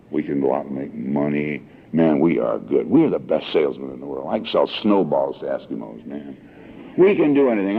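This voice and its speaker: Older man in his sixties, deep gravelly voice, folksy emotional storytelling, old lo-fi recording. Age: 60s. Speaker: recovery meeting speaker. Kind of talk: personal recovery talk to a meeting. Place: meeting hall. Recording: tinny old phone-like tape recording.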